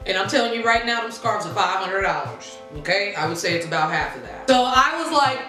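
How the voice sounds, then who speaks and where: A young woman telling a casual storytime vlog, chatty and animated, talking straight to her viewers. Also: mid-range voice, a little fast, roomy sound, faint music behind. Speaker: vlogger.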